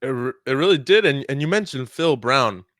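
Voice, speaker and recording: A man's voice: mid-range voice, animated, a little fast, a bit bright, dry recording. Dry-sounding male interview host. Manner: brief supportive prompts. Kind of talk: casual interview.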